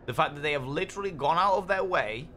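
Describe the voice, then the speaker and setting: A young man streams a game and talks straight to his chat. His banter is cheeky, teasing and full of swearing, and his voice has a bright, forceful edge. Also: fairly high pitch, expressive, fast, slight background noise. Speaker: gaming streamer. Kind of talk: casual live-stream commentary.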